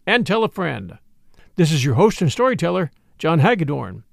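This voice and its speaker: A man reads an adventure tale aloud, his voice high for a man and gravelly at the edges. He moves his pitch around a lot. The sound is close and dry. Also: sing-song, moderate pace, dry recording. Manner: dramatic audiobook reading, voicing each character. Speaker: host and storyteller. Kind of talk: scripted narration.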